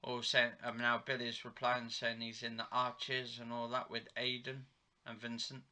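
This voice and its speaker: Male reviewer, casual running recap of a TV episode, retells dialogue loosely, voice very bright and tense. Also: mid-range voice, completely flat delivery, moderate pace. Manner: rambling, retells dialogue with "he goes" and "she said". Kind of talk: live play-by-play recap while watching.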